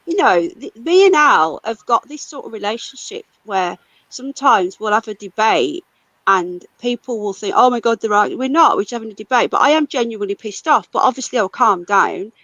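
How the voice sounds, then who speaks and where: A woman's voice: fairly high pitch, animated, brisk, fairly bright tone, dry recording, low-quality recording. A British woman hosting a casual livestream, ranting angrily and swearing a lot. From United Kingdom. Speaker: livestream host.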